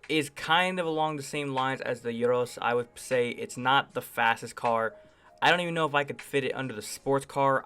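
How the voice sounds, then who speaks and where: Smooth-voiced, chatty gaming host. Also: male voice, mid-range voice, fairly bright tone. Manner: rambling, hedges often with "I would say"; enthusiastic, chatty. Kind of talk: casual gameplay review commentary.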